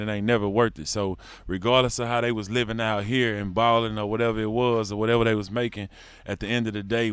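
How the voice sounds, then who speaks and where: A man's voice: lowish voice, clear, resonant tone, dry recording. A man, a rapper talking as an interview guest in a laid-back, slangy drawl. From Houston, Texas. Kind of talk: casual interview talk.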